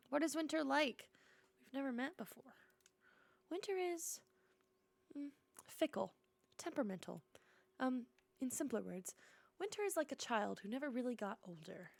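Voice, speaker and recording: A woman voicing an old, wise stone elder in a cozy game, speaking slowly and soothingly in a hushed voice. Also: sits high, gravelly, dry recording, full character voice.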